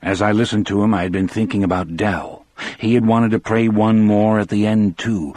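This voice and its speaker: A man narrating an audiobook in the first person with a measured, steady delivery. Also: on the low side, dry recording.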